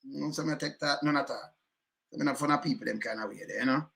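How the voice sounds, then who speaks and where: A man's voice: mid-range voice, quick pace, vocal fry, fairly bright tone. A Jamaican man giving heated, emphatic commentary in patois, repeating himself and cursing often.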